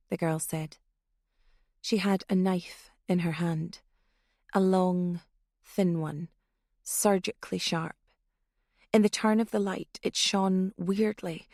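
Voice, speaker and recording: A woman reading a thriller audiobook in steady scripted narration. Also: on the low side, slow, vocal fry, long pauses, no echo, studio quality.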